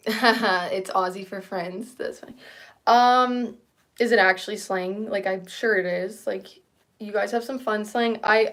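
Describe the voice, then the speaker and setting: A woman in her thirties hosting a casual livestream chat, rambling and self-deprecating and often laughing. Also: mid-range voice. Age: 30s. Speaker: livestream host.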